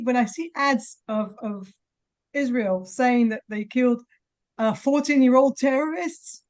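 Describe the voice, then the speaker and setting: A woman in her forties giving halting, emotional testimony at a press conference, holding back tears. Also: high-pitched. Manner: halting, with many restarts.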